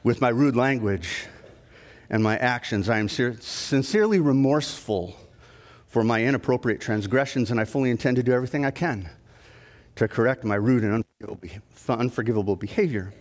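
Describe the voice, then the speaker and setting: A man's voice: medium pitch, moderate pace, voice pushed down, lightly acted. Man doing a formerly rude parrot, now stiffly polite. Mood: contrite. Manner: formal, calm and stiffly polite. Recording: long reverb of a church hall.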